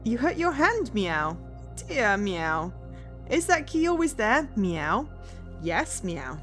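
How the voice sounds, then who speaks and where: A woman's voice: sits high, big pitch swings, a bit bright, faint music behind. Meowing woman streaming late at night. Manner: tacks "meow" onto nearly every phrase as a dare; thinking aloud with many pauses and "um"s. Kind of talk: casual charity stream commentary.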